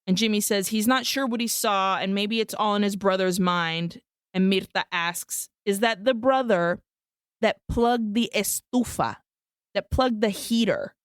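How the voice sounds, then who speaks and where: Podcast co-host, woman, smooth, dry close-mic sound, casual bilingual plot recap. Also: medium pitch, unhurried, dry recording. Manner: recaps the plot, switching between English and Spanish, swears freely. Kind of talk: casual film-recap chat.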